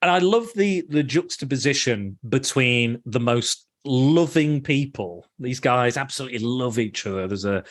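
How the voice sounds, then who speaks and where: A podcast host talks through a film with loose enthusiasm, restarting his sentences as ideas tumble out. His voice sits at an ordinary middle pitch for a man. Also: expressive, moderate pace, few pauses. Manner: enthusiastic, rambling, many restarts. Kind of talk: casual film review chat.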